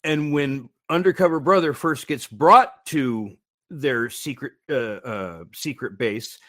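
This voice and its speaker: A man's voice: medium pitch, slow pace, a bit bright. A man co-hosting a casual podcast chat, laughing often and retelling movie scenes. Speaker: co-host.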